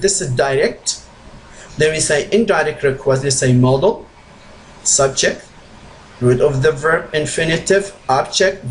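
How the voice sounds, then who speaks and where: A male English teacher explaining grammar step by step, slow and repetitive, with non-native slips in his phrasing. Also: a little high, slight background noise, rough recording. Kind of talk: grammar lesson.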